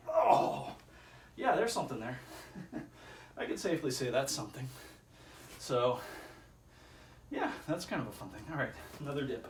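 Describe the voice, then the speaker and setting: A man's voice: medium pitch, sing-song, normal speed, long pauses, distant mic. A man chats aimlessly through his home workout, muttering his rep counts and chuckling at his own stories. He sounds a little strained from the effort. The voice comes from across an echoey room, with a faint hum of ambient noise underneath. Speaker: vlogger doing a workout. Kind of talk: casual self-filmed workout commentary. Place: indoor room with chairs.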